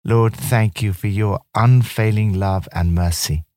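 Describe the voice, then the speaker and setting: Low-ish voiced man doing a gentle earnest devotional, dry close mic. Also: steady tone, a little slow, dry recording. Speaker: devotional presenter. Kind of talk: scripted devotional commentary.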